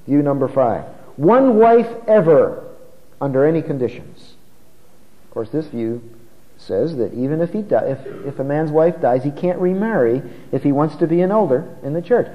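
A man preaching an expository sermon, who slows down and stresses key words, recorded muffled in a large church hall. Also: on the high side.

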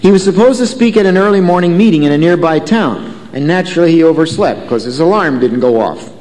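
A man's voice: on the high side, expressive, a little fast, darkish tone, big-room sound. A man preaching a sermon in a conversational way, telling a story and asking the congregation questions. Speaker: pastor.

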